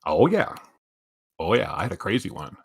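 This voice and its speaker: Man, 50s, lowish pitch, casual storyteller, swears a lot. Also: normal speed, vocal fry, husky. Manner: profane, animated storyteller. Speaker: stream co-host.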